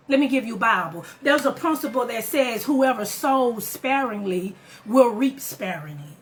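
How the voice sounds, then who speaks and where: A woman with a high-pitched voice delivers a motivational talk. She drives her points home through repetition and preacher-like build-ups, and she keeps asking the listener direct questions. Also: lively intonation, unhurried, few pauses. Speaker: motivational speaker.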